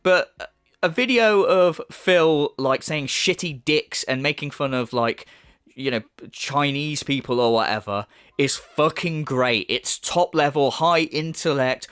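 A man's voice: on the high side, measured pace, a bit bright, smooth, dry recording, studio quality. A man giving a sarcastic, profane ranting commentary as a YouTube commentator.

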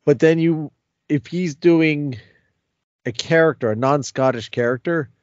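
A man co-hosting a fan podcast, at an ordinary pitch and in a measured, slightly halting way. The sound is dry, with no room echo, and a little dull. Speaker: podcast co-host. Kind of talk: casual review chat.

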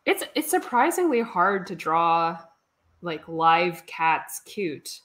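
Woman, co-host, lowish voice, relaxed, dry humor, casual painting chat. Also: slow. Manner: relaxed, dry humor, reads viewer comments. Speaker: art instructor and co-host.

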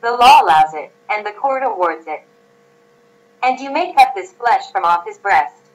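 A woman reading the part of a wise young woman disguised as a lawyer in an audiobook, calm and measured. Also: mid-range voice, natural voice, low-quality recording.

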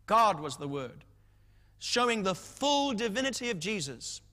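A man's voice: sits high, bright, forceful tone. A man giving a teaching sermon as a Bible teacher, emphatic and repeating key phrases for stress. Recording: long hall reverb.

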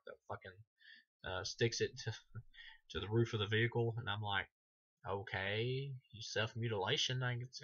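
Casting: low, bright-edged male reviewer, loose and rambling, cursing a lot, dull lo-fi mic. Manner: rambling, heavy filler words, frequent swearing. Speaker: film reviewer. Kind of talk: casual profane film review monologue.

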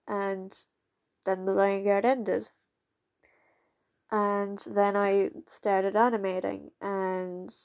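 A young woman talking casually to her channel's viewers, rambling and halting with many fillers, close to tears. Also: mid-range voice, darkish tone, no room sound. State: fighting back tears. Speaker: channel creator. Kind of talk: casual vlog talk to viewers.

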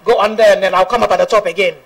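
A woman's voice: medium pitch, steady tone, racing, gravelly, far from the mic, poor audio. A woman gospel singer giving an earnest personal testimony, laughing often and quoting scripture.

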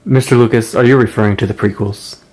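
A man asking brief, deadpan questions as an off-screen interviewer. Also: fairly low pitch, fast talker.

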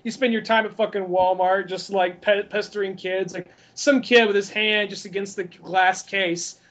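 High-voiced man telling stories with swearing. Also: moderate pace. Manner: animated storyteller, swears casually. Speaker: podcast co-host. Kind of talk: casual chat.

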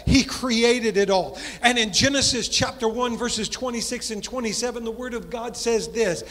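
A pastor preaches in a strikingly high voice, leaning into long cadenced phrases. He sinks low and quiet on key words, then surges faster. His voice rings out with a long church reverb around it. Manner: preaching cadence, drops low and soft for emphasis, then speeds up. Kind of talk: sermon.

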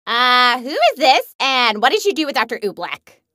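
A woman's voice: high-pitched, sing-song, moderate pace, pushed and bright, no room sound, full character voice. A woman voicing a hyper, gleeful young huntress in a video game who loves smashing things, bubbly and bouncy. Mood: chatty. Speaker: game character.

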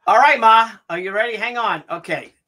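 A man hosting a casual family chat, excited and teasing, who keeps stalling with "hang on". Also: high voice, a little fast. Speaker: host.

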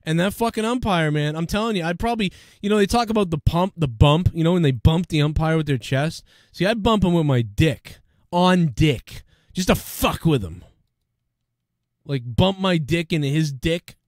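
Hosting a laid-back podcast conversation, this Boston-area man rambles excitably and curses freely in his Boston accent. His voice is a little high and moves at a normal speed, captured in studio quality with no room sound.

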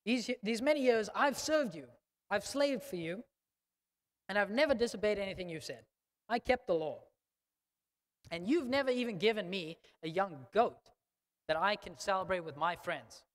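A man's voice: high voice, animated, moderate pace, fairly bright tone. A man voicing a resentful older son who speaks in an indignant, scolding way. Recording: long church reverb.

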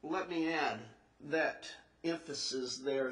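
Man, preacher, high voice, earnest, emphatic questions, roomy church echo. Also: a bit bright, far from the mic. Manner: earnest, rising emphatic questions, slows to stress scripture. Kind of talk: sermon. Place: church sanctuary. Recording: echoey church recorded from afar.

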